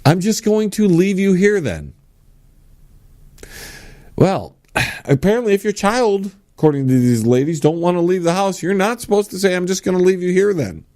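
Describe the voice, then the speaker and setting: A blunt male podcast host riffs on his own, and his voice swings high and low as he makes his points. He talks sarcastically and mocks the lines he quotes in a loud, put-on shout. His voice sits a little higher than most men's. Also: normal speed, long pauses. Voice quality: animated with big pitch swings. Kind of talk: solo opinion talk show.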